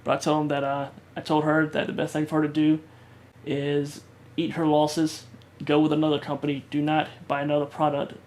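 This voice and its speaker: A man vlogger telling a personal story in a halting way, with many fillers and restarts. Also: a little high, monotone, a little mellow.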